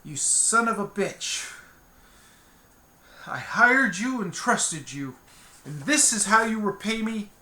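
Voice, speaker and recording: A man's voice: high voice, lively intonation, takes it slowly, long pauses, bright, forceful tone, echoey room, a little hiss or hum, pitched above the performer's own voice, full character voice. A man voicing a frightened young woman who has just been freed from captivity, speaking breathlessly in a tabletop game. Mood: bitter.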